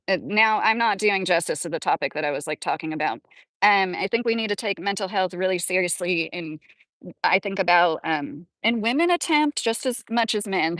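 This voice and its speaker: A woman's voice: fairly low pitch, a bit bright, no room sound. A woman in her thirties with a Southern American accent, rambling casually to viewers during a live stream, full of fillers and chatting back to comments. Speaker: livestream host.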